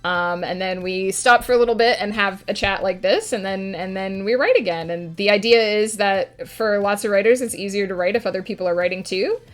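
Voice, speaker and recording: A woman's voice: mid-range voice, fairly quick, few pauses. Chatty woman streamer with faint music. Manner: chatty, reads and answers chat aloud with many fillers. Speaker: writing streamer. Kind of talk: casual live-stream chat.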